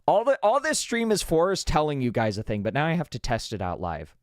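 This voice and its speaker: A man hosting his own live stream, chatting casually and excitably, with many restarts, into a dynamic studio broadcast microphone at a home streaming setup. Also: on the high side, fairly quick, dry recording. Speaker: livestream host.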